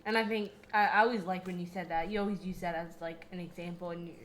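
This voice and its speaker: A woman's voice: on the low side, steady tone, fast talker, a little hiss or hum. Earnest young woman, breathless and chatty. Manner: earnest, rambling with many "like" fillers. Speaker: podcast co-host. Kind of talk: casual faith conversation.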